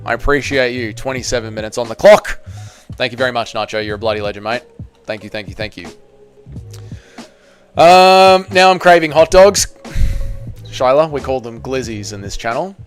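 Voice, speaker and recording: A man's voice: medium pitch, expressive, normal speed, long pauses, clean tone, soft background music. An Australian man hosting a casual live stream, rambling, joking and swearing freely while reading chat. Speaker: livestream host reading chat.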